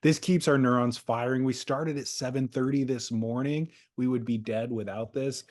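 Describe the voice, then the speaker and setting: A man's voice: mid-range voice, steady tone, normal speed, a little mellow. A man co-hosting a podcast in casual chat, chatty and a little pedantic. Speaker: podcast co-host.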